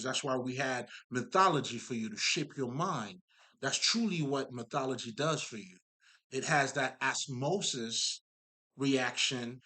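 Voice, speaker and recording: A man's voice: mid-range voice, fairly bright tone. Profane, emphatic man preaching casually. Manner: profane, emphatic, rambling with many fillers. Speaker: spiritual talker. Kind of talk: casual spiritual monologue.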